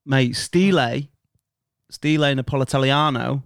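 A man's voice: medium pitch, slow pace, gravelly, clean tone, no echo, clean studio sound. A young man, co-hosting a casual podcast and teasing his friends with frequent laughs. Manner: joking, teasing, laughs often. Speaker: podcast co-host. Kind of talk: casual banter.

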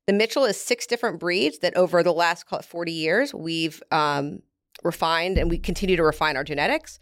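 A woman's voice: on the low side, brisk, dry recording. A woman, a beef company representative, explaining at length in a casual interview, with frequent fillers.

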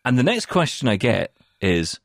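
A man from the UK co-hosting a podcast in casual chat, telling a story in an animated way and often laughing. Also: mid-range voice, normal speed, creaky, no echo, studio quality. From United Kingdom. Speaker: podcast co-host.

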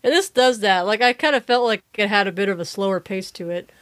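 A woman co-hosting a casual chat, relaxed and easygoing, often trailing off softly. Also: medium pitch, fast talker. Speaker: podcast co-host.

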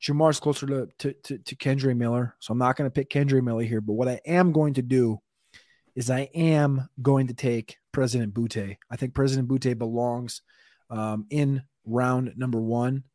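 A man's voice: medium pitch, steady tone, moderate pace, mellow, dry recording, clean studio sound. A man co-hosting a fantasy football draft show, talking through picks in a rambling, casual way, sometimes stuttering on names. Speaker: podcast co-host.

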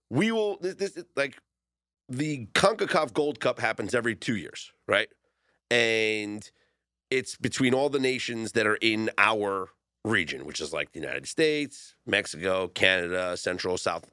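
A man's voice: on the low side, normal speed, dry recording, clean studio sound. A man hosting a sports betting talk show, chatting casually and animatedly with his co-hosts. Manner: animated, laughs often, rising excitement.

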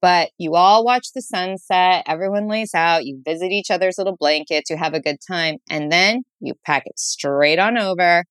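A woman's voice: on the low side, normal speed, hardly any pauses, no echo. A woman guest author on a casual interview show, talking enthusiastically with playful asides and frequent laughter. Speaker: guest author recommending date spots.

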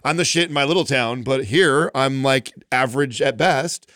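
A man co-hosting a casual chat, telling stories in an animated way, full of "like" and "bro". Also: mid-range voice, moderate pace, no echo, studio quality. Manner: animated storytelling, frequent "like" and "bro". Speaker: podcast co-host.

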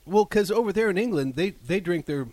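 A man who reviews beer on a radio show, chatting casually in a relaxed way with fillers, into a studio mic. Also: sits high, fairly quick, no echo.

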